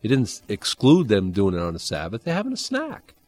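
A man preaching a Bible-teaching sermon, conversational and animated, with dry humor and sudden jumps in pitch. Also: fairly quick. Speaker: pastor.

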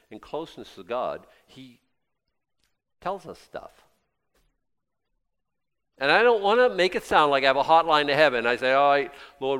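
A man's voice: fairly low pitch, fairly bright tone. A man preaching a sermon in a conversational way, quizzing his listeners and repeating himself. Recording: long hall reverb.

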